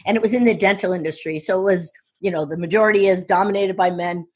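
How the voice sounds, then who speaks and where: A woman speaking coach telling stories in an interview, excitable and full of quick restarts and asides. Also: fairly low pitch, breathy edge. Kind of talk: enthusiastic interview storytelling.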